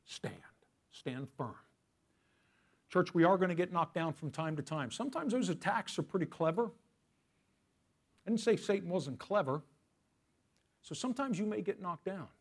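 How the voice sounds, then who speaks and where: Man preaching, fairly high voice, slows on key phrases, loud to whispered, asks the congregation questions. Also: expressive, breathy edge. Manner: wide swings from loud emphasis to hushed whispers. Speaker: pastor. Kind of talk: sermon.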